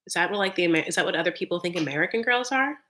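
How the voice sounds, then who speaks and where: A woman's voice: lowish voice, lively intonation, racing, bright, forceful tone, a little hiss or hum. A woman in her thirties giving a casual live reaction recap of a reality show, chatty and sarcastic, filling her talk with "like". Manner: chatty, sarcastic, heavy use of "like".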